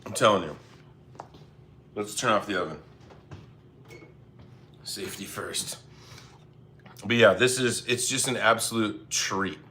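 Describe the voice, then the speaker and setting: Bright-voiced man hosting a cooking stream. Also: fairly low pitch, slow pace, long pauses, a little hiss or hum. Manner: chatty, laid-back, apologetic asides, reads chat. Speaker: cooking livestream host. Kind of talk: casual cooking livestream chat. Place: home kitchen.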